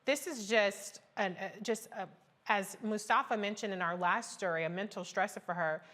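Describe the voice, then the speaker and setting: A woman's voice: mid-range voice, moderate pace, fairly bright tone. Woman hosting a news panel. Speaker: panel host. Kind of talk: news talk show discussion.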